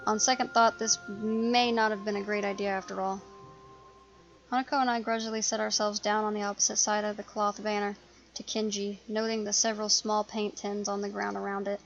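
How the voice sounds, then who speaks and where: A woman hosting a let's play, reading a visual novel aloud in a steady narrating voice with small slips. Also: mid-range voice, fairly quick, vocal fry, highs cut off.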